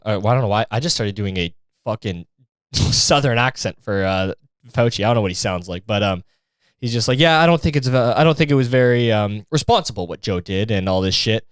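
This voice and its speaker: A man's voice: medium pitch, clear, resonant tone, no room sound. A young man hosting a solo podcast, ranting in a sarcastic, profane, fired-up way into a close mic. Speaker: podcast host. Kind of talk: casual solo podcast rant.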